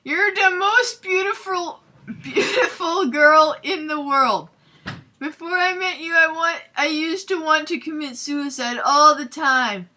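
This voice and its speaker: A woman voicing a melodramatic, lovesick teenage boy wizard in a shrill, sobbing, overwrought way. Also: wildly swooping pitch, moderate pace, few pauses, pushed and bright, heavily acted.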